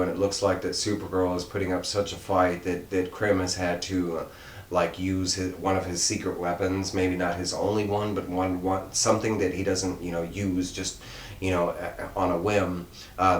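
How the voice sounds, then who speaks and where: A man casually reviewing a comic book, rambling with many fillers and restarts. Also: sits low. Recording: roomy echo, faint background noise.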